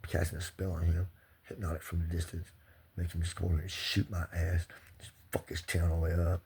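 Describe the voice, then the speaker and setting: A man's voice: low-pitched, level tone, quick pace, creaky, a little mellow, slight background noise. A man ranting in an agitated, profane and rambling way, speaking straight to the camera as a vlogger. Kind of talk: angry personal rant.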